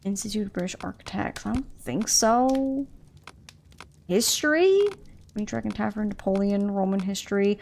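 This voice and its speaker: A woman's voice: mid-range voice, moderate pace, vocal fry, darkish tone. Chatty woman streaming a mystery game. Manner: chatty, musing, stumbles over names. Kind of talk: casual gameplay commentary, reading in-game text aloud.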